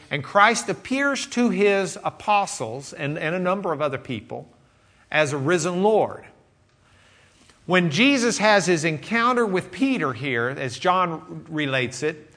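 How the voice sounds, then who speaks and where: A man's voice: a little high, sharp tone. A man preaching a teaching sermon in a loose, conversational way, with plenty of fillers and asides to the congregation. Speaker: pastor.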